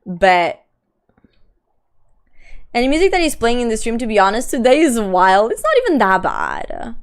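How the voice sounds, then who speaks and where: A woman's voice: fairly high pitch, huge pitch swings, moderate pace. A young adult woman streamer chatting casually and reading her chat aloud. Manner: chatty, reads chat aloud, frequent laughs and "like".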